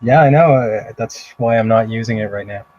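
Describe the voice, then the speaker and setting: A man's voice: on the low side, normal speed, a little mellow, dull audio. A man co-hosting a casual chat in a dry, teasing, sarcastic manner. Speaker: podcast co-host.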